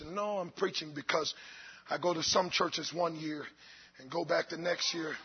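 A man preaching a fiery sermon as pastor, swinging between shouted lines and low, quiet passages. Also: normal speed, slightly rough, highs cut off.

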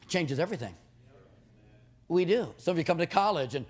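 A male preacher with a fairly high voice delivers a sermon full of anecdotes. His voice climbs sharply as he drives points home, and he repeats words as he warms up. He jokes with the congregation throughout. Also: fast, slightly rough. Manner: animated storytelling, jokes with the crowd, repeated words.

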